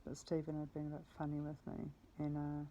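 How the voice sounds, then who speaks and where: A woman's voice: sits low, monotone, fairly quick, warm tone, highs cut off, slight background noise. A woman telling a personal story in a meandering way, often correcting herself and swearing casually. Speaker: vlogger.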